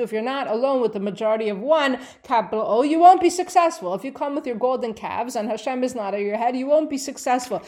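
Expressive woman teaching a Bible class. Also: on the high side. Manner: expressive, swings between emphatic and hushed delivery; reads Hebrew verses aloud and translates them. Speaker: Torah teacher.

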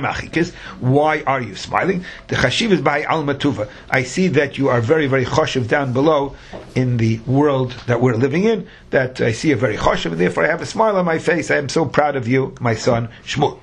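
A man's voice: mid-range voice, creaky, slightly rough. A man teaching a Talmud class, reading the Aramaic phrase by phrase and explaining each in English.

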